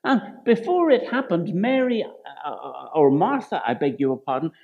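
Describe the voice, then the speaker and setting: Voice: mid-range voice, very animated, measured pace, creaky. A preacher giving a reflective sermon, who stumbles, corrects themself and asks the listeners rhetorical questions. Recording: dull lo-fi recording.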